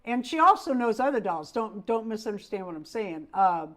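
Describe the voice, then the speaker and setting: A woman's voice: mid-range voice, lively intonation, moderate pace. Woman, casual co-host, chatty, voice wearing thin. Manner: friendly, chatty, laughs often. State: losing her voice, clearing throat. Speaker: co-host of a doll collecting livestream. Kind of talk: casual chat.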